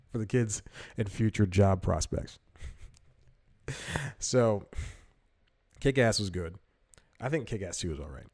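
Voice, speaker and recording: A man's voice: fairly low pitch, animated, slow pace, long pauses, a little mellow, no echo, studio quality. A young man hosting a comedy podcast, rambling through casual commentary, correcting himself and laughing often. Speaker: podcast host.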